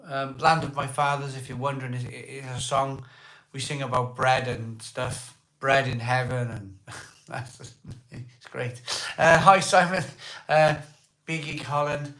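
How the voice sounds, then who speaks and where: Hoarse Welsh man chatting on a livestream. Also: medium pitch, unhurried, pushed and bright. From Wales. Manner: chatty, greets viewers by name, pleads for likes. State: hoarse from a cold. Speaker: livestream host. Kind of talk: casual live chat reading viewer comments. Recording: echoey room.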